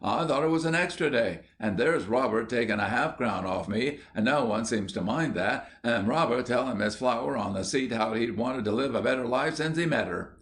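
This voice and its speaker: A man voicing a cheeky, stubborn eleven-year-old schoolboy with quick, indignant complaining, in an audiobook reading. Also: medium pitch, lively intonation, lightly acted. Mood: aggrieved. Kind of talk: audiobook character voice.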